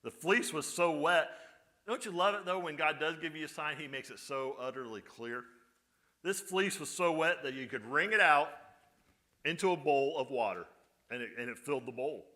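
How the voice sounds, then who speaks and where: A man's voice: on the high side, normal speed, pushed and bright. A male pastor giving a conversational sermon, often putting rhetorical questions to his congregation.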